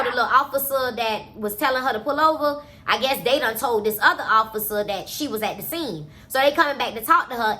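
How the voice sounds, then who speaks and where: A woman casually recapping a novel with profane, animated storytelling. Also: fairly high pitch. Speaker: book reviewer.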